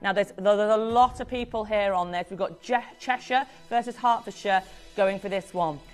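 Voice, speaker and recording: A woman's voice: mid-range voice, moderate pace. Lady on a shopping channel, all gushing and upbeat, bit of music faint behind her. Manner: gushing, effusive, upbeat selling. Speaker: TV shopping presenter. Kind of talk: live shopping channel sales patter.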